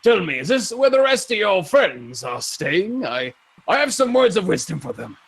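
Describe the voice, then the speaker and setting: A man voicing a big, boastful old male arena champion who speaks in a hearty, grandiose, drawn-out way. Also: high voice, very animated, vocal fry, fairly bright tone, husky, pitched above the performer's own voice, heavily acted. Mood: hearty greeting.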